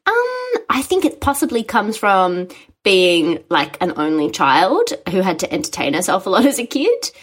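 Animated young woman telling stories. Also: medium pitch, normal speed, husky. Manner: animated, laughing storyteller. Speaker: guest, musical writer. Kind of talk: casual interview chat.

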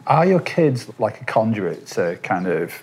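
A man's voice: on the low side, big pitch swings, measured pace, a little mellow, slightly rough. A man interviewing a musician, asking brief prompting questions. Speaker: interviewer, journalist.

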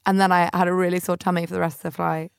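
A young woman hosts a podcast, racing through funny travel stories in a flat delivery with a low-ish voice that is gravelly yet smooth. Her casual, chatty monologue pokes fun at herself and includes impressions of relatives, recorded in clean studio sound without echo.

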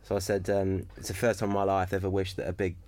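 A man's voice: low-pitched, little pitch movement, fast talker, a little mellow, no room sound. A man with a London accent, a comedian guest on a podcast, telling rambling anecdotes full of restarts. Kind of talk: casual chat.

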